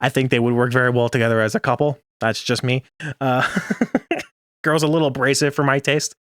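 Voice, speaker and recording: A young man talking casually as a podcast co-host, jokey and full of laughter. His voice sits in an ordinary middle pitch. The sound is dry and close, with no room around it. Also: little pitch movement, brisk, a bit bright, clean tone, no echo. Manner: chatty, laughs often, jokey. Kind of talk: casual chat recapping an anime episode.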